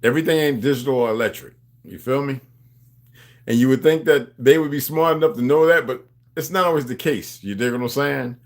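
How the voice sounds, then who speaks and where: A man's voice: medium pitch, fairly quick. A man hosting a livestream, talking in a loose, rambling monologue. He preaches to his viewers in street slang and calls them beloved. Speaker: livestream host.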